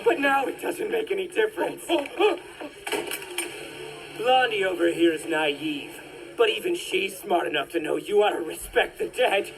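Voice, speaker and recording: Accelerator, a sneering manic esper. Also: male voice, high voice, lively intonation, measured pace, vocal fry, full character voice, low-quality recording. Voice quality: mocking, taunting, with manic laughter. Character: cruel, sneering young male esper. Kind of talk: anime English dub. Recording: anime audio with music behind.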